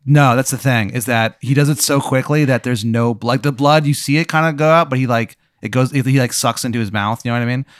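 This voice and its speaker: Man, improv narrator, smooth clear voice, dry close sound, rambling deadpan delivery. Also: mid-range voice, fast talker, few pauses, dry recording. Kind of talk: improvised comic storytelling.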